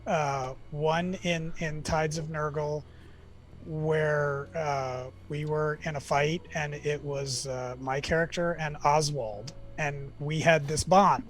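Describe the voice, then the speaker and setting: A man in a casual chat about his tabletop game, telling a story hesitantly with many pauses and filler sounds. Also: on the high side, fairly even intonation. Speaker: player.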